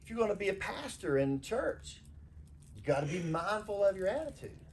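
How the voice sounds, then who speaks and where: A man's voice: high voice, normal speed, a little hiss or hum. A man, preaching an informal, conversational sermon in church and acting out the people he quotes. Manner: animated, conversational, acts out quoted voices. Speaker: pastor. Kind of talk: informal sermon to a small congregation.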